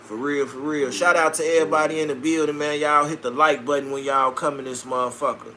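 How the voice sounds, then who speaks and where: A man's voice: fairly high pitch, steady tone, fast, pushed and bright, a little hiss or hum. A man from Chicago hosting a casual live stream, answering viewer comments with brash, profane street banter. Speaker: livestream host reading viewer comments.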